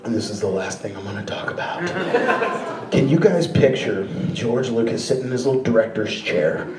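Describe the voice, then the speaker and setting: A male stand-up comedian doing an animated set in a live club, laughing often and slipping into silly voices. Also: fairly low pitch, moderate pace, far from the mic. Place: comedy club basement with audience. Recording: roomy live room with crowd.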